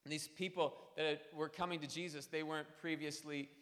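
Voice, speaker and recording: A pastor in his thirties preaches a sermon in a church sanctuary, speaking conversationally and telling stories with self-deprecating asides. His voice is fairly high and fairly bright, the intonation fairly even and the pace a little fast, with long church hall reverb.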